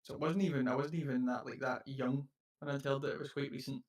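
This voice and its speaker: A man's voice: medium pitch, fairly even intonation, fast. Scottish man telling rambling stories. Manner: rambling anecdotes, acts out quotes, laughs a lot. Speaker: podcast co-host. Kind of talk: casual chat, storytelling.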